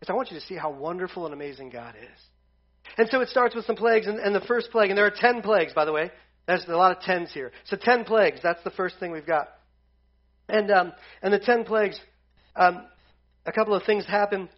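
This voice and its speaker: A man with a high voice teaches a Bible lesson to a group and keeps it casual and joking. He retells scripture in everyday slang. The recording sounds dull and lo-fi. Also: fairly quick.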